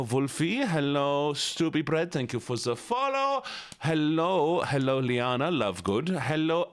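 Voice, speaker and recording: A playful male streamer in casual live chat, his pitch bouncing up and down as he jokes with his audience. His voice sits in an ordinary middle register, and he keeps a chatty, teasing manner throughout. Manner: playful, greeting viewers one by one; chatty and joking. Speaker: livestreamer.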